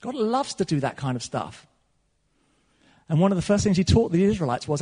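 A man preaches in a church hall, his voice high and a little husky. He swings between loud, animated stretches and soft, quiet asides. The sound has the long reverb of a large hall. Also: brisk, long pauses. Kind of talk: sermon.

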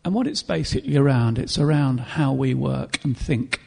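A man preaching a sermon in an earnest, reflective way, pausing to clear his throat and restart phrases. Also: mid-range voice, big pitch swings, a little mellow.

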